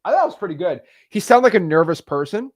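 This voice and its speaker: Animated man chatting on a live stream. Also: sits high, fast talker. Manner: excitable, joking, talks straight to the live chat. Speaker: host of a live stream on real estate cold calling. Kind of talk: casual live-stream chat.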